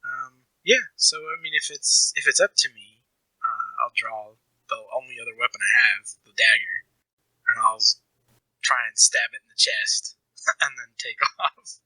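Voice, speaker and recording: A man playing a tabletop role-playing game, joking and thinking out loud. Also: mid-range voice, unhurried, no room sound, rough recording. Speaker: player.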